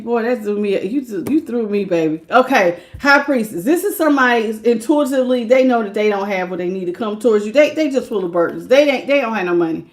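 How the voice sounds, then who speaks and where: A woman doing a casual live-stream tarot reading, chatty, greeting viewers by name and laughing often. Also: a little high. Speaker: tarot reader.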